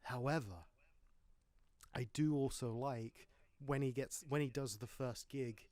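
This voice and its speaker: A man in an easygoing film podcast chat, rambling through his points with dry little jokes. His voice sits at an ordinary middle pitch and is recorded close and dry, with no room sound around it. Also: unhurried, darkish tone, dry recording. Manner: chatty, rambling, wry jokes. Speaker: podcast host.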